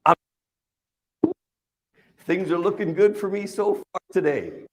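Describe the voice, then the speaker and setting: A man's voice: high-pitched, slow. A man telling a funny personal story to a live conference audience, often asking the crowd questions. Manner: animated, asks the audience questions, jokes. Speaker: keynote speaker. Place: conference stage.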